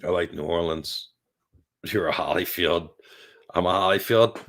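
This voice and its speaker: Fifty-something male host, lowish voice, chatting loosely on a porch, stoned and drifting. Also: a bit bright. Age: 50s. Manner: rambling, giggly, stoned and slowing down. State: very high on cannabis. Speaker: livestream host. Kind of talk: casual live-stream chat. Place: outdoor porch.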